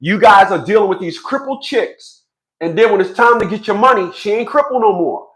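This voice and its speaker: A man's voice: sits high, lively intonation, a little fast, fairly bright tone. A man in his fifties giving a blunt, profane vlog monologue, stammering through repeated restarts. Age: 50s. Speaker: fathers' rights commentator.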